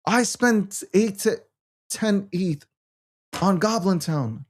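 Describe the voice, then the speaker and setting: A man's voice: high-pitched, takes it slowly. A man hosting a casual market talk show, ranting in a profane, self-mocking way. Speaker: show host.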